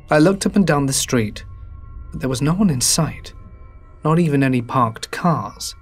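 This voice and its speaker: A man narrating a horror story in a low, hushed, drawn-out delivery.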